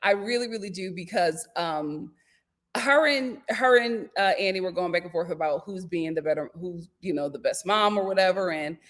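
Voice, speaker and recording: A young woman hosting a casual reality-TV recap, animated and laughing often as she acts out what people said. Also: on the low side, normal speed. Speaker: YouTube host reviewing a reality show.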